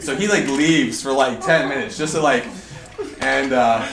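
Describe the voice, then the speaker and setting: A man in his thirties speaking to a group, telling an animated story and laughing through it. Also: medium pitch, moderate pace, far from the mic, crowd noise. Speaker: conference speaker. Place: large indoor hall at a retreat facility. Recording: echoey hall, faint room noise.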